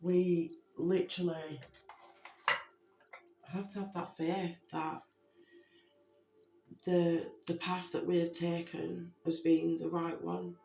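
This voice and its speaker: A spiritual message giver speaking to viewers in a heartfelt way, gently repeating reassurances with many fillers. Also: medium pitch, flat delivery, slow pace, gravelly, pauses often. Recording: roomy echo with faint background music.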